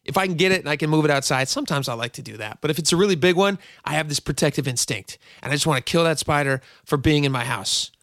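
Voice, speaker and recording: A man's voice: on the high side, quick pace, few pauses, a bit bright, dry recording. Storytelling male radio host, dry sound. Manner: rambling, storytelling with asides. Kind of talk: casual talk radio monologue.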